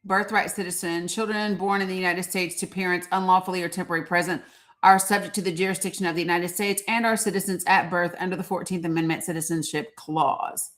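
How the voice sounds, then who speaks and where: A woman's voice: lowish voice, steady tone, quick pace, a bit bright. A woman hosting a casual live stream, commenting on the news with passion and reading legal text aloud between fillers and asides. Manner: impassioned and outspoken.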